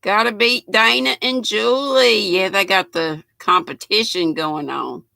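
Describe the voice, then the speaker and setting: Slow, gravelly older Southern woman. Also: medium pitch, pushed and bright, no room sound. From United States. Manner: chatty, reading viewer comments aloud. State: hoarse. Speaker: host. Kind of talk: live-stream chat.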